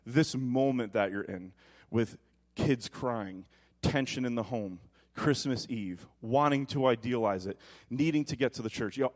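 Animated preacher man, slightly high voice. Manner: animated storytelling, drops soft and low when quoting God. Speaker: pastor. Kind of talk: sermon. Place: church.

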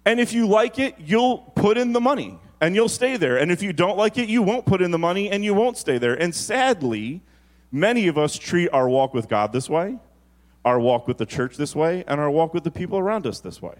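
Man preaching a lively sermon. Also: high voice. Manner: shifts between quick storytelling and slow, drawn-out emphasis. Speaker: pastor.

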